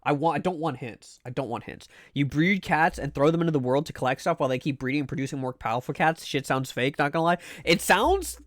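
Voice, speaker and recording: A man's voice: on the high side, quick pace, hardly any pauses, dry recording, studio quality. A man streaming live, greeting chat in a sing-song chant and rambling playfully, often stammering and repeating words.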